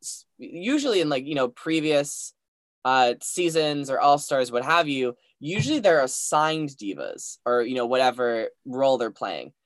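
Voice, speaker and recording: A man's voice: mid-range voice, big pitch swings, normal speed, no room sound. A man co-hosts a podcast, chatting casually in a mid-range voice. He hesitates and rambles through his points with many hedges. The recording is dry and close. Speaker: podcast co-host. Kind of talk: casual chat.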